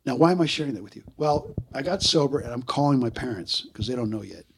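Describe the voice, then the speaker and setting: A man in his sixties, a guest in an interview, telling stories in a casual, animated way and acting out the voices he quotes. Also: mid-range voice, fast talker, creaky, a little hiss or hum. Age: 60s.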